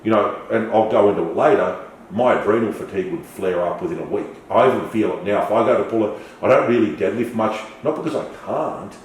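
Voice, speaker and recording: A middle-aged man telling lively stories as a podcast guest. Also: lowish voice, fast talker, heavy reverb, far from the mic, slight background noise, rough recording. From Australia. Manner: animated, swearing, storytelling with acted quotes. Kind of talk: casual storytelling interview.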